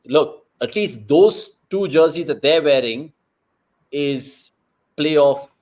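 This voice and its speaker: A young man chats through a live cricket match for viewers. He jokes, reads comments and reacts loudly to big moments, in a fairly high voice for a man. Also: slow pace. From India. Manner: animated, jokey, bursts into loud excitement at big moments. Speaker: watchalong host. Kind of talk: excited live cricket watchalong chat.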